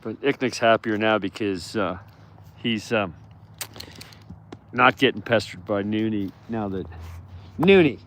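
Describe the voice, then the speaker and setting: A lowish, steady, slightly bright male voice comes through with a little hiss or hum; he speaks a little slowly and pauses often. Walking among the wolves he cares for in a sanctuary's outdoor enclosure, he chats casually and affectionately, cooing at them and taking viewer questions in a live walk-and-talk.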